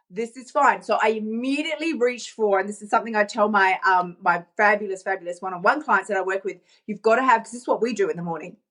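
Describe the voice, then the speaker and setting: A woman's voice: medium pitch, fast, fairly bright tone. A woman life coach giving a motivational vlog talk into her phone, playful and emphatic, often laughing.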